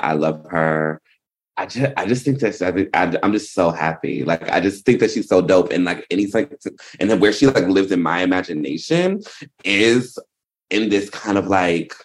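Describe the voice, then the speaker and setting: A deep-voiced man co-hosts a casual podcast at a moderate pace. He speaks earnestly but rambles, restarting his sentences often.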